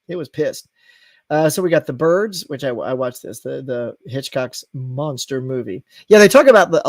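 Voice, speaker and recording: A man's voice: a little high, no room sound, clean studio sound. A man hosting a live movie chat show, reading viewer comments and rambling animatedly through his tangents.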